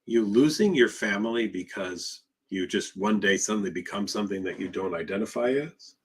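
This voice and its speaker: A man's voice: on the low side, expressive, normal speed, breathy edge. A man who is a therapist, answering questions in a live session in an emphatic, conversational way, full of rhetorical questions. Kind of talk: live Q&A talk.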